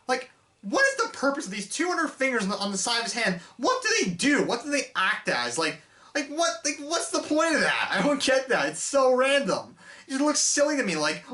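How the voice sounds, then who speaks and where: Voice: medium pitch, sharp tone. A film reviewer talking casually in an unscripted rant, rambling and exasperated, with lots of fillers and restarts.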